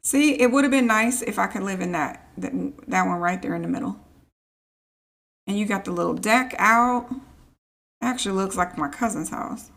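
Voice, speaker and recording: A woman's voice: medium pitch, moderate pace, gravelly, fairly bright tone. A woman streaming a life-sim game, chatting casually and teasing her characters as she plays. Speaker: gaming streamer. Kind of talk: casual let's play commentary.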